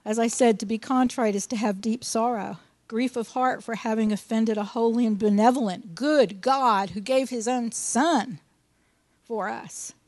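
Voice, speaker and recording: High-voiced earnest woman preacher. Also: measured pace, a little mellow, dry recording. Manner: earnest, folksy asides, reads scripture with emphasis. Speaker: Bible teacher. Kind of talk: sermon with scripture reading.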